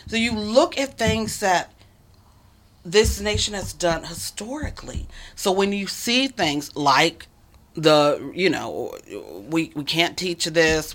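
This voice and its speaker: A woman's voice: fairly low pitch, gravelly, fairly bright tone. A woman telling a personal story in casual conversation, earnest and emphatic, sometimes dropping to a near whisper.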